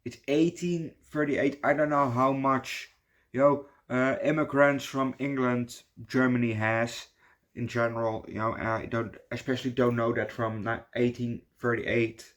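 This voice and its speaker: A man's voice: mid-range voice, level tone, measured pace. A young man from the Netherlands with a Dutch accent, ranting casually in a movie review, swearing and saying "yo" a lot. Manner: rambling, swears a lot, says "yo" often.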